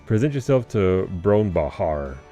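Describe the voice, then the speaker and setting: A man voicing a stern male warrior guild master as he reads game dialogue aloud, formal and measured. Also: low-pitched, very animated, dark tone, soft background music. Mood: solemn. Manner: formal, solemn, measured delivery.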